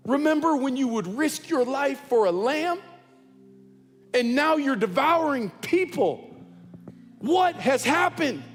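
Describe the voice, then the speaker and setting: A stern prophet confronting a king, as a preacher puts him on, his voice climbing high and loud in a pleading rebuke. It rings through a long-reverb hall with music playing underneath. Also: lively intonation, slow pace, long pauses, full character voice. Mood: urgent rebuke.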